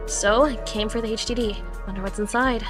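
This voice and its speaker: Jasmine, a dry, deadpan investigator boss voiced by a woman. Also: a little high, fairly quick, music in the background, pitched below the performer's own voice, close to an everyday voice. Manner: flat, matter-of-fact, dry.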